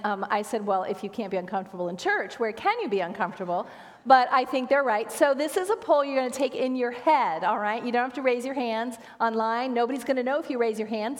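Woman preaching in a reverberant sanctuary. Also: a little high. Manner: warm conversational preaching, playful asides. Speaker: associate pastor. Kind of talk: sermon. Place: church sanctuary. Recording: long church reverb.

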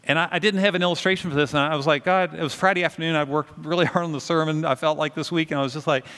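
A man preaching a sermon, telling a story with lively acted-out voices. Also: a little high, very fast, in a large hall. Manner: animated storytelling, acts out voices. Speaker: pastor.

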